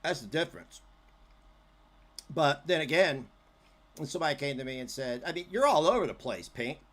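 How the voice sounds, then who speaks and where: A male streamer tearing into a clip with biting sarcasm and some swearing. His voice sits a little high and swings widely in pitch as he mocks and scolds. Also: expressive, moderate pace, a bit bright. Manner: mocking, sarcastic, profane.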